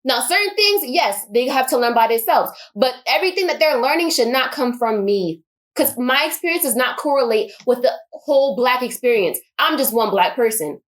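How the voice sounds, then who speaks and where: A woman's voice: sits high, lively intonation, moderate pace. A woman giving an impassioned personal monologue, emphatic and repeating her points for force. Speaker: vlogger.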